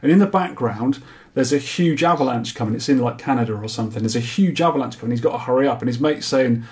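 A man's voice: medium pitch, fast, a little mellow. A man hosting a podcast, chatting casually and reading out listener feedback with jokey asides. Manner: jokey, chatty, laughs at his own quips. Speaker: podcast host.

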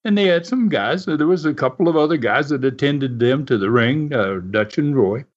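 A man with a mid-range voice and lively intonation speaks at a moderate pace. He co-hosts a podcast, telling wrestling stories in a casual, meandering style full of fillers and restarts; the sound is dull and lo-fi.

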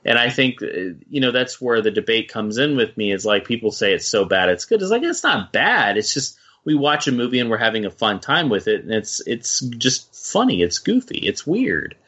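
A man's voice: mid-range voice, very animated, normal speed, few pauses, bright, forceful tone, slightly rough, highs cut off. A man co-hosting a film podcast, chatting casually and rambling with lots of swearing. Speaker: podcast co-host.

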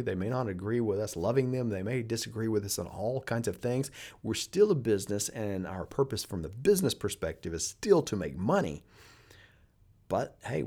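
A man's voice: on the low side, mellow. A middle-aged man hosting a business podcast, talking casually and telling stories with frequent restarts. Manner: conversational, storytelling, frequent restarts. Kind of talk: casual monologue.

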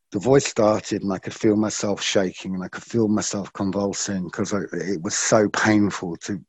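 A man guest on a podcast, reflectively telling a personal story in an earnest way and slowing down for emphasis. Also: fairly low pitch, no room sound.

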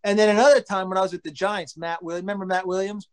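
A smooth, fast-talking man who used to pitch in baseball tells casual anecdotes with lively delivery. He acts out his teammates' lines and swears offhandedly.

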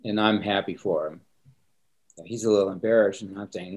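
A man's voice: on the low side, steady tone, normal speed. An older man, a pastor, talking earnestly and openly about feeling, with an easy laugh in a candid interview.

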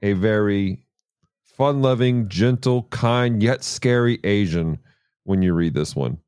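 A man hosting a casual podcast in a playful, lively way. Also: fairly low pitch, takes it slowly, clear, resonant tone, no echo, studio quality. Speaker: podcast host.

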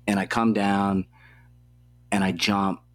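A man's voice: lowish voice, little pitch movement, takes it slowly, soft background music. A young man, an athlete guest in an interview, telling a story in a casual, rambling way, swearing freely and leaning on filler words. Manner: profane, loose, heavy on filler words.

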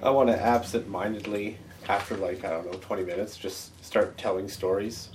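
A man's voice: fairly low pitch, fairly even intonation, normal speed, a little mellow, slight background noise. A man playing a tabletop game, laid-back and joking in casual chat. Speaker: player. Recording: distant from the mic.

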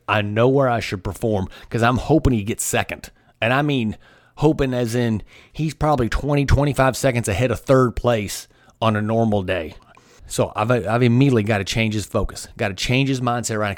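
Intense low-voiced motivational man. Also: a little mellow, no echo, clean studio sound. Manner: intense, emphatic, repeats key phrases. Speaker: motivational podcast host, former coach. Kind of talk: motivational storytelling.

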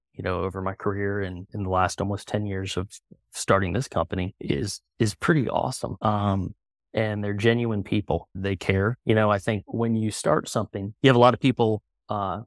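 A middle-aged man talking casually as a podcast guest, relaxed and full of fillers. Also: on the low side, normal speed, no room sound, clean studio sound. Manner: relaxed, conversational, many fillers. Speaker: guest, company co-founder.

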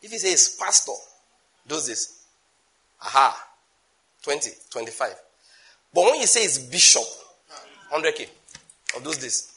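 A man with a Nigerian accent preaching a sermon emphatically, with sudden loud bursts and asides in Nigerian Pidgin. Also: on the high side, sing-song, unhurried, pauses often.

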